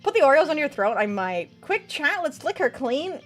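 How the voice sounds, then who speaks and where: A young woman streamer with a high, very lively voice that leaps all over. She chats casually and bubbly with her viewers, swearing freely. Faint music plays behind her. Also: moderate pace. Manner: bubbly, swears casually, reads chat aloud. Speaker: VTuber streamer. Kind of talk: casual live-stream chat.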